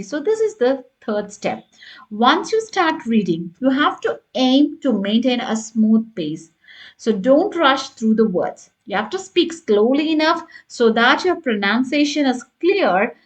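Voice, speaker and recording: A woman teaching an online lesson as a tutor, explaining step by step and often checking in with "right?" and "got it?". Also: fairly high pitch. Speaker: English test tutor.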